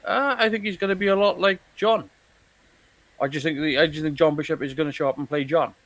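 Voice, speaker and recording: A man co-hosting a casual chat about a TV series, talking in halting bursts with many restarts and repeated words. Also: on the high side, a bit bright, dry recording. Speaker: podcast co-host.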